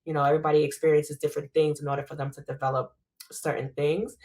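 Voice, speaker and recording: A woman's voice: deep voice, darkish tone. A woman in casual podcast chat, reflective and earnest, often saying "you know".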